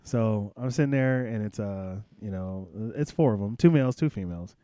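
A man's voice: lowish voice, moderate pace, mellow, clear, resonant tone, dry recording. Blunt, profane former drill instructor man. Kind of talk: storytelling in a casual interview.

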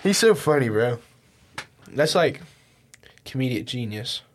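Speaking a little slowly at medium pitch, this young home-podcast host curses all the time and breaks into laughter often. He tells stories with animation in casual conversation, using a mixer setup.

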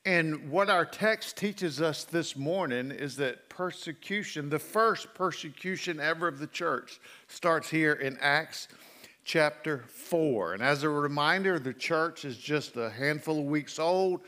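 A middle-aged male pastor preaching a sermon, folksy and animated as he tells stories. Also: a little high, a little slow. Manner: folksy storytelling with animated asides.

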